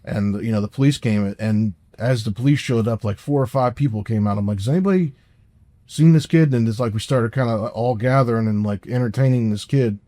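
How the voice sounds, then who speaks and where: A man's voice: on the low side, fairly even intonation, a little fast, hardly any pauses, mellow, dry recording. A man co-hosting a podcast, telling a personal story in a casual, rambling way with frequent restarts and swearing. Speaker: podcast co-host.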